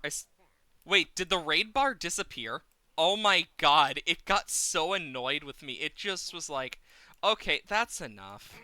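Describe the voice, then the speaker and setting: A man's voice: on the high side, a little slow, sharp tone, dry recording. A man streaming a game live, talking to himself with exasperated running commentary, swearing at the game and counting under his breath into a desk mic.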